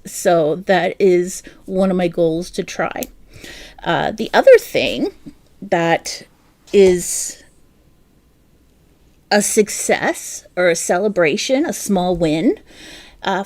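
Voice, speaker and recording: A woman's voice: medium pitch, a little mellow. A woman with a South Jersey accent hosting a crochet livestream, chatty and self-deprecating, laughing often and talking to her viewers by name. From New Jersey. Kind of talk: casual live-stream chat.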